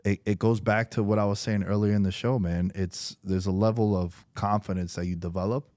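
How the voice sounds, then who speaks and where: A young man talking as a podcast guest, slangy and emphatic, telling animated stories into a close studio mic. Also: lowish voice, fairly quick, no echo. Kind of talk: casual podcast conversation.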